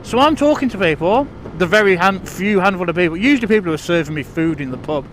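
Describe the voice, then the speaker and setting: High-voiced man rambling outdoors. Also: lively intonation, fast talker, fairly bright tone, slight background noise. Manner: chatty, self-deprecating, full of restarts and fillers. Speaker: vlogger. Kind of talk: casual rambling monologue. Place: outdoors on country lanes, riding a bike.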